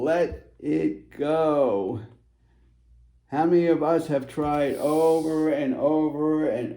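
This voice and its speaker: A man's voice: medium pitch, gravelly, mellow, echoey room, rough recording. A man working as a spiritual advisor, talking casually through a card reading in a rambling, reassuring way, with many fillers and restarts. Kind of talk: casual tarot-style card reading to camera.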